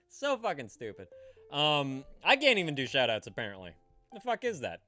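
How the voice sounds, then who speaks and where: A man with a bright, forceful voice that swings widely in pitch, chatting casually on a live stream. He rambles, swears freely and stumbles into restarts. Faint music plays behind him. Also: huge pitch swings, normal speed. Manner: rambling, profane, stammers and restarts. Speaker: streamer hosting a call-in show.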